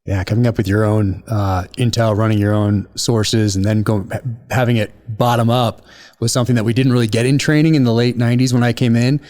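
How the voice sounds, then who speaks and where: A man in his forties, a former SEAL, hosting an interview and asking relaxed, conversational questions. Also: mid-range voice, fairly quick. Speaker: podcast host, former SEAL. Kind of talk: interview host.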